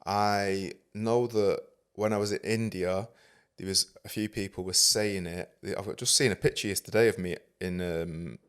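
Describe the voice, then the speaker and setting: Mancunian male host, lowish voice, loose sweary banter. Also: fairly even intonation, normal speed, clear, resonant tone. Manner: swears freely, chatty and laughing. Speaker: podcast host. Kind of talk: casual podcast chat.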